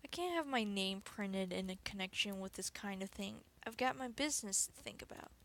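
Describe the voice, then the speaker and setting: A woman's voice: mid-range voice, expressive, brisk, a bit bright. A woman voicing a defensive, secretive male business owner in a game, curt and evasive.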